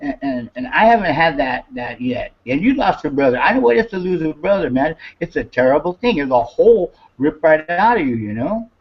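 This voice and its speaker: A man talks in casual, rambling chat, cursing freely and circling back over the same words. His voice sits slightly high for a man. The recording sounds dull and lo-fi. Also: very animated, brisk, hardly any pauses. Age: 50s. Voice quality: profane, rambling, repeats himself.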